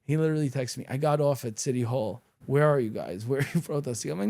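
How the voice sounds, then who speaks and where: Syrian-born male podcast guest, slightly high, gravelly, blunt and profane storyteller. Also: big pitch swings, quick pace, few pauses, darkish tone. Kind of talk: casual interview conversation.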